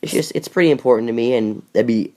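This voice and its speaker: A man's voice: mid-range voice, fast, dark tone. A young man co-hosting a casual podcast, rambling and joking with lots of fillers, recorded in a bedroom. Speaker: podcast co-host. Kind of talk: casual chat.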